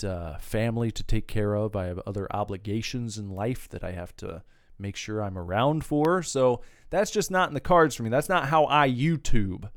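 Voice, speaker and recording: Smooth-voiced man ranting on a podcast. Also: medium pitch, no room sound, studio quality. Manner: profane, rambling, goes off on tangents. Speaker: podcast host. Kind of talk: casual solo podcast rant.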